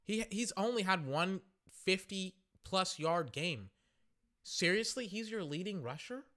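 A young man hosts a casual podcast and calls the game play by play, his voice high and bright. He reacts with slangy excitement at the big plays. His voice is wearing hoarse. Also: measured pace. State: voice going hoarse. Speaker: podcast host.

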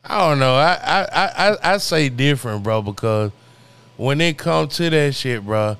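A man's voice: medium pitch, lively intonation, moderate pace, creaky, fairly bright tone, smooth, no echo. Stammering, laid-back male podcast host. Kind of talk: casual podcast chat.

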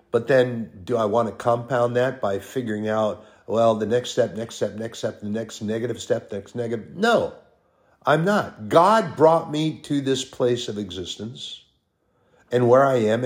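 Emphatic male preacher with a mid-pitched voice. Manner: emphatic, repetitive lists, drawn-out stresses. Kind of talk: sermon.

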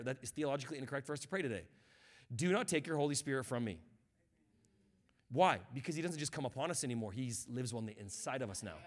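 This is a man with a mid-range voice giving a sermon as visiting guest pastor. He builds from calm reflection up to fervent shouting and calls out for the congregation's response.

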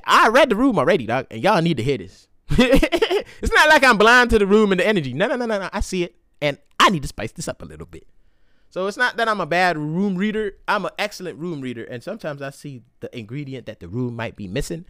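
Animated slangy young man podcasting. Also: brisk, no room sound, clean studio sound. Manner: slangy, animated, jumps into loud high voices when acting out others. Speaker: podcast host. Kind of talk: casual solo podcast monologue. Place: indoor room.

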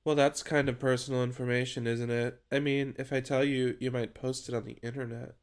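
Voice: mid-range voice, little pitch movement, fairly quick, close to an everyday voice. Someone doing a guarded British teen girl. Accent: put-on British. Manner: defensive, dry, evasive. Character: guarded sullen teenage girl student.

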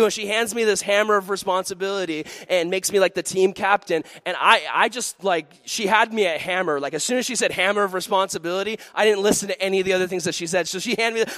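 A man preaching a sermon to a live youth audience, telling animated, jokey stories with lots of energy. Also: high-pitched, fairly quick, few pauses, no room sound. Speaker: youth pastor.

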